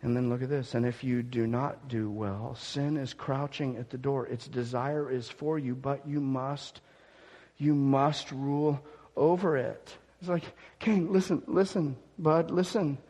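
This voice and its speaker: A man preaching a sermon, swinging between loud emphatic declarations and soft gentle murmuring, often repeating words as he restarts. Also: medium pitch, steady tone, a little slow. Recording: long hall reverb.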